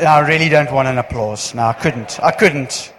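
Chatty pastor in a hall. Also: male voice, mid-range voice, a bit bright, a little hiss or hum. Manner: chatty, joking, halting restarts. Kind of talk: church notices. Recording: long hall reverb.

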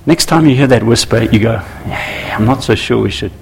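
Gravelly husky male preacher. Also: medium pitch, fairly quick. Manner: animated, acts out little scenes with voices. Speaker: pastor. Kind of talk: sermon.

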